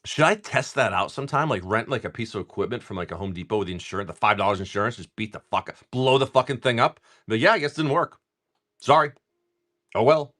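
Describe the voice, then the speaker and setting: A man's voice: medium pitch, lively intonation, fast, a bit bright. Rambling profane man opening card packs. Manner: laid-back, rambling and profane, lots of restarts. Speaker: card-breaking livestream host. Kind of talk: casual livestream chat while opening card packs.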